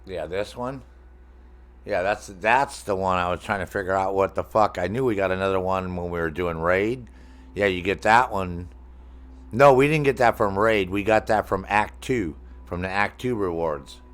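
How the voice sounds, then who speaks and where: A man's voice: sits low, normal speed. A middle-aged man streaming a game, rambling and joking with his chat in a casual, profane way.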